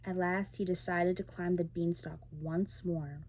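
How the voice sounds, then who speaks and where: A woman reading a fairy tale aloud in a soft, gentle bedtime manner as a whispered role-play ASMR storyteller, close to the microphone. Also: lowish voice, steady tone, unhurried, slight background noise.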